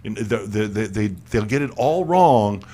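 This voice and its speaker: A man hosts an internet radio chat in a lowish voice. He jokes and laughs a lot and stumbles over his words, repeating them as he talks. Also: lively intonation, moderate pace, dark tone. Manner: joking, stammering, repeats words, laughs often. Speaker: radio show host. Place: studio.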